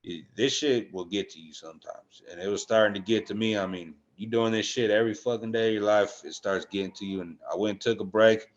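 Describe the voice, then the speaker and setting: A man's voice: on the low side, fairly even intonation, fairly quick, hardly any pauses. A man co-hosting a casual sports betting chat, blunt and full of swearing, with many "uh" and "um" fillers. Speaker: podcast co-host. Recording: dull lo-fi sound.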